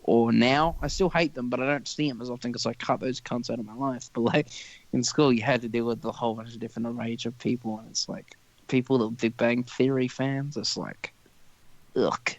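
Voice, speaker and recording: A young man in casual podcast chat, with a gravelly, creaky voice at a mid pitch. He swears heavily and rants with strong opinions, talking loosely and in bursts. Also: steady tone, fairly quick, no room sound, muffled recording. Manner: profane, ranting, opinionated. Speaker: podcast co-host.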